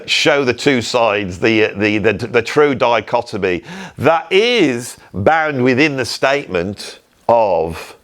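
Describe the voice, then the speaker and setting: A man giving blunt, ranting commentary on the music business, with some self-mockery. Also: lowish voice. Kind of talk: casual spoken commentary.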